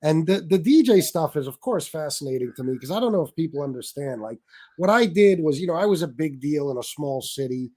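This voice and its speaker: Upbeat host guy reading donations and praising his guest, fairly high voice. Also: expressive, fairly quick, dark tone. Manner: enthusiastic, reads donations aloud. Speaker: podcast host. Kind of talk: casual interview hosting.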